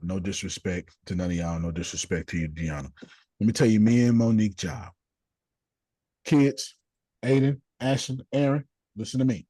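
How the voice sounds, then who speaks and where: A middle-aged man leading a group video call, preaching in a blunt, slangy way with casual swearing, jumping from low asides to high exclamations. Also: mellow, slightly rough, no echo. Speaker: host leading a group discussion. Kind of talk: preacherly motivational talk.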